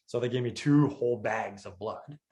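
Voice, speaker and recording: A man telling a personal story in casual chat, animated and acting out the people he quotes. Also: medium pitch, normal speed. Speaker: storyteller recounting his crash.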